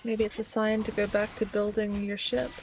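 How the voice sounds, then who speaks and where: A woman's voice: mid-range voice, flat delivery, normal speed, darkish tone, slight background noise, poor audio. A woman from Australia chatting casually with friends while streaming a game, a little hesitant as she talks. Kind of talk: casual chat while gaming. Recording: stream audio with music. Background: clear music.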